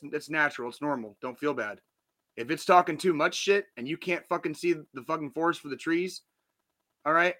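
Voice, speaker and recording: A man's voice: on the high side, sharp tone. A man in his forties hosting a podcast, giving a blunt, heavily profane but earnest motivational pep talk. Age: 40s. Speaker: podcast host. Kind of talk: casual motivational monologue.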